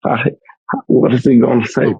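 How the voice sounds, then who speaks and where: Podcast co-host: gravelly, raspy young man, laid-back slang, on a dull, dry mic. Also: medium pitch, steady tone, measured pace, dark tone, no room sound. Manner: laid-back, slang-heavy, tags lines with "fam". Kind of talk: casual banter podcast chat.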